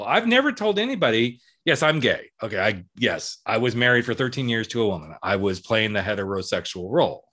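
Middle-aged male host, lively pitch, bright tone, storyteller who voices everyone in his anecdotes. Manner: animated storyteller acting out quoted dialogue. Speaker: podcast host and coach. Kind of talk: casual chat.

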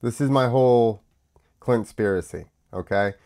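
Host, American man, unhurried and rambling, sick with a cough. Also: medium pitch, darkish tone. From United States. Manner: rambling, with many fillers and restarts. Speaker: podcast host. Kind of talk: casual solo talk show.

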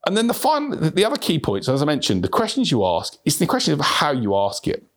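A man hosting a sales podcast, talking on his own in a lively way, often repeating words as he restarts and acting out example questions. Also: fairly high pitch, fast talker. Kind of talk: solo podcast talk.

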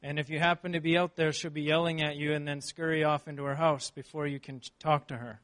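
A man preaching a sermon, reading scripture and then telling a personal story in an earnest, animated way. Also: on the high side, fast talker.

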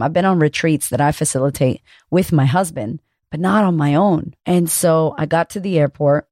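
A woman, a confidence coach hosting her own podcast, talking solo in a high-energy, chatty way and swearing casually. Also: mellow, no echo, clean studio sound.

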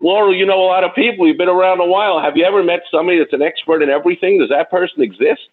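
A man's voice: high voice, rapid-fire. A man working as a business coach who rants in a fired-up, blunt way on a talk show. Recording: tinny phone-like radio sound.

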